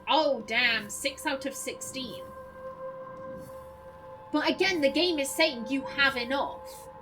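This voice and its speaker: A woman gamer giving casual gameplay commentary, chatty and self-mocking, thinking out loud as she reads clues. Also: high-pitched, slow, music in the background. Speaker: let's play gamer.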